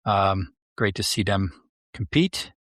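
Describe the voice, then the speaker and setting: A man's voice: lowish voice, slow pace, fairly bright tone, no echo, clean studio sound. A man co-hosting a sports podcast, talking casually and hesitantly, searching for his words. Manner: hesitant, many fillers and restarts. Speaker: podcast co-host. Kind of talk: casual chat.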